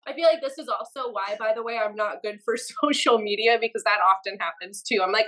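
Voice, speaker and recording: A woman's voice: mid-range voice, brisk, hardly any pauses, a bit bright, rough recording. A young woman chatting as a podcast guest, laughing often and getting flustered. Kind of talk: casual interview chat. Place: home studio.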